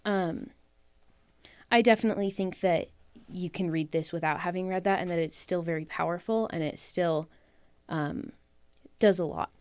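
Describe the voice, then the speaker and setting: A woman, a book club guest, speaking in a measured way with frequent pauses. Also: fairly low pitch, darkish tone, clean tone, no room sound. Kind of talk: reflective discussion.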